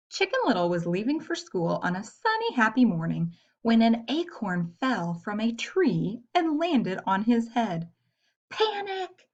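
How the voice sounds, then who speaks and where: A woman reading a story aloud to children in a gentle way, pausing to ask her young listeners questions. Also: medium pitch. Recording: dull lo-fi recording.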